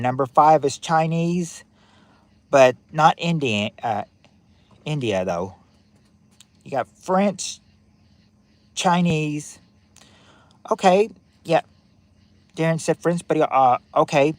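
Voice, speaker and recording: With a fairly high-pitched voice captured in a dry recording, a man runs a livestreamed family quiz. He reads the questions, chats with viewers and reacts to their names, and tends to repeat himself.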